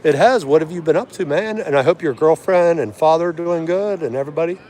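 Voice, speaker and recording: A friendly, talkative man runs a live stream from an aviation museum and answers viewers by name as he goes. His voice sits on the higher side for a man. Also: fast, a little mellow, a little hiss or hum. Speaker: livestream host.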